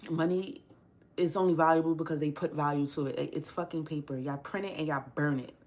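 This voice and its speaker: A woman's voice: deep voice, steady tone, brisk, a little mellow. A young woman hosting a casual livestream, ranting bluntly with frequent swearing and strong opinions. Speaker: livestream host. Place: home workspace.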